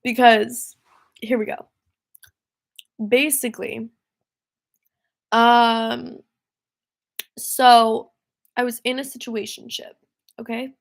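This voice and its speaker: Slow-talking, rambling young woman singer. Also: fairly high pitch, little pitch movement, vocal fry. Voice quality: rambling, easily distracted, laughing often. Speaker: singer-songwriter. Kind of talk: casual livestream chat.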